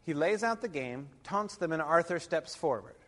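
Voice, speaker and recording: A man's voice: a little high, animated, moderate pace, fairly bright tone. A man lecturing a class, rambling with many fillers and wry asides. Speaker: literature lecturer. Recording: long reverb of a lecture hall.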